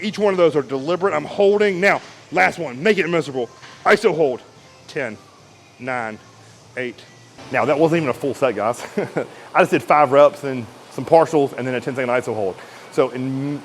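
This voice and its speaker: Energetic man coaching a workout. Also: fairly high pitch, a little fast, a little hiss or hum, poor audio. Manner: energetic, talks while lifting and straining. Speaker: fitness coach. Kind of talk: casual exercise demonstration.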